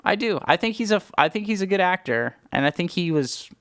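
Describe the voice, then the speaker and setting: Talking movies casually as a podcast co-host, the young man is chatty, opinionated and laughs a lot, describing himself as a film snob. He speaks a little fast in a high, expressive, slightly bright voice, captured in clean studio sound without echo.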